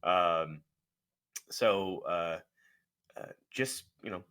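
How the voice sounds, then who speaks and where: A man's voice: low-pitched, very slow, a bit bright, smooth. A man answering as a guest in a casual interview, easygoing and rambling with many fillers.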